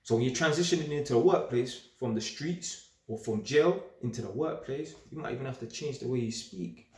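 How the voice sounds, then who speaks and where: A young man speaks in a casual, streetwise monologue full of slang. He is animated and emphatic, with a middle-pitched voice. The sound carries a roomy echo. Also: a little fast. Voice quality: streetwise slang-heavy talk. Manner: animated, emphatic, repeats himself. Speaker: vlogger. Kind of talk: casual straight-talking monologue.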